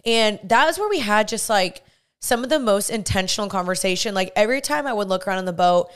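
A woman's voice: mid-range voice, animated, quick pace, a bit bright, clean tone. Bubbly young woman, gushing storyteller. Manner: bubbly, gushing, heavy use of "like". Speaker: podcast host. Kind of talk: casual storytelling monologue.

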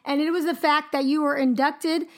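A woman's voice: high-pitched, steady tone, moderate pace. A woman hosting a podcast, chatty and upbeat as she leads the talk. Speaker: podcast host.

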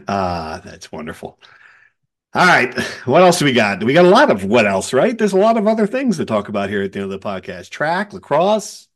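A man hosting a casual sports podcast, a columnist who tells stories with energy and acts out other people's quotes. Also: moderate pace. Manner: animated storyteller, acts out quotes in a high voice.

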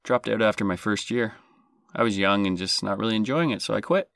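Gravelly, low-voiced comedic podcast host. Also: male voice, a little fast, fairly bright tone, dry recording, clean studio sound. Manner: self-deprecating, jokey, sarcastic.

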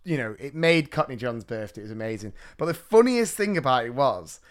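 A man, co-hosting a podcast and telling stories in a casual, animated way. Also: mid-range voice, fairly quick. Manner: animated storytelling with laughs. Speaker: podcast co-host. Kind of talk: casual chat.

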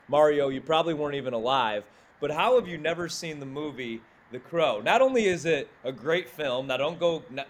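A man from South Carolina co-hosting a sports talk show, emphatic and ribbing in casual chat. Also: fairly high pitch. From South Carolina, USA.

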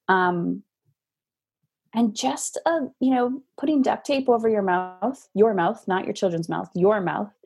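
A middle-aged woman, a parenting coach guesting on a podcast, telling stories in a lively, casual way over a video call. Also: mid-range voice, husky. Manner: animated storytelling with acted quotes. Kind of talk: casual interview talk.

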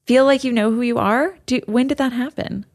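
A woman's voice: fairly high pitch, steady tone, brisk, a little hiss or hum. A woman in her thirties co-hosting a podcast, chatting casually and rambling with many fillers and restarts. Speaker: podcast co-host. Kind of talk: casual chat.

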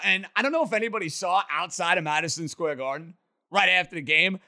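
A man hosting a sports podcast in an energetic, animated casual chat. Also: sits high, quick pace, creaky. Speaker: podcast host.

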